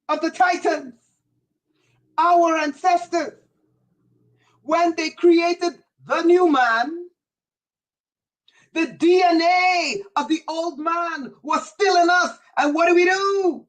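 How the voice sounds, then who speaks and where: A woman preaching on a livestream as a spiritual teacher, impassioned and often yelling in a repetitive preaching cadence. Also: very high voice, takes it slowly, long pauses, rough recording. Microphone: livestream setup.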